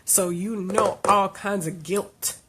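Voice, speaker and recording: A woman life coach telling a personal story to camera, earnest and heartfelt, her voice climbing high when she relives her frustration. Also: steady tone, slow, a bit bright, husky.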